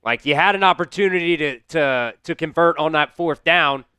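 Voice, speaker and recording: A man's voice: a little high, normal speed, pushed and bright, smooth, no room sound, soft background music. A man hosting a live-stream football watch-along, calling plays and venting at his team while answering the chat. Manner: frustrated, talks back to chat, swears. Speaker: host doing live play-by-play. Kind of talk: casual live-stream commentary.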